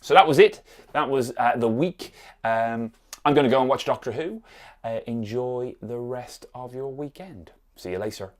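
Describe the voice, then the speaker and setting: A man's voice: mid-range voice, animated, normal speed. A man recording an unscripted vlog on a phone, rambling with many fillers and restarts, sometimes dropping to a near whisper. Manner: drops to a near whisper at times. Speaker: vlogger.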